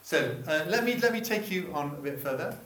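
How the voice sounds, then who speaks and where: Chatty preacher in an echoey hall. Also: male voice, on the high side, lively intonation, a little fast, fairly bright tone, a little hiss or hum. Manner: chatty, self-interrupting, asks the room questions. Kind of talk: sermon. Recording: echoey room, voice from far off.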